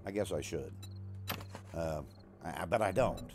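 A man's voice: low voice, a little slow, gravelly. A man chatting casually and jokingly to his live-stream viewers while playing a survival game. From USA. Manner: chatty, talks to his chat and his dog, jokey.

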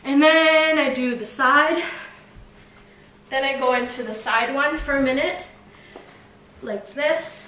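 Woman vlogger, slightly high voice, casual and breathless, roomy echo. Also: slow pace, long pauses, bright, forceful tone. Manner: chatty, lots of filler "like". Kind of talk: casual demonstration. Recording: echoey room, faint noise.

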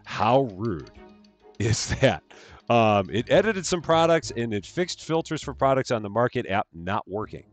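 A man's voice: mid-range voice, sing-song, moderate pace, hardly any pauses, faint music behind. A man hosting a live game stream, greeting viewers by name in a cheerful sing-song lilt. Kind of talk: live gameplay stream chat.

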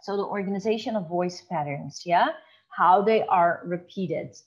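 A woman teacher explaining to her class in a lecture, often checking in with a quick tag question and slowing down to read examples aloud. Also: lowish voice, husky, lo-fi sound.

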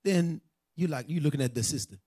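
A man preaching to a class in loose street talk, animated and joking, then scolding the listeners directly. His voice sits fairly high for a man, and the recording is close and dry. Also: fairly quick, husky, no room sound. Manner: animated, joking, scolding, with many asides to the audience. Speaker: teacher of a religious class.

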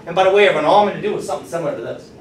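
A man teaching a math lecture, upbeat and encouraging, tossing questions to his students. His voice sits a little high. He sounds distant in an echoing classroom with faint noise behind. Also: racing.

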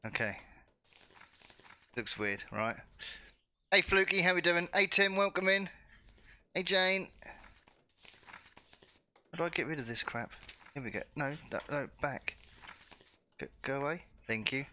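A man's voice: on the high side, expressive, measured pace, pauses often, bright, forceful tone, highs cut off, slight background noise. A man streaming a game live, chatty and jokey, reading out the game text as he plays. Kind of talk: live gameplay commentary.

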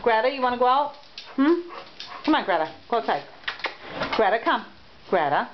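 A woman's voice: a little high, very animated, moderate pace. A woman caring for foster dogs at home, narrating a home video and coaxing the dogs along in a sing-song voice. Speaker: dog foster caretaker. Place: home, in and out of doors. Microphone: handheld camera. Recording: dull lo-fi camera audio with loud noise.

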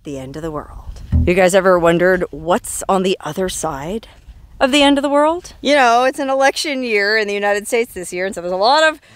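A woman's voice: mid-range voice, animated, brisk. A woman hosting a travel vlog outdoors in the desert, telling stories in a playful, theatrical way with dramatic emphasis. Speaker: travel vlogger host.

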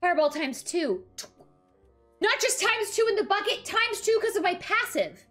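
A woman streaming a card game, reacting excitedly, swearing and talking to her chat. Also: extremely high pitch, moderate pace, soft background music. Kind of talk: live gameplay commentary.

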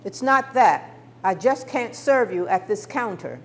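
A woman's voice: medium pitch, a little slow. A woman playing a firm counter waitress. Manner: firm, flat refusal. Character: stern lunch-counter waitress, firm then gentle.

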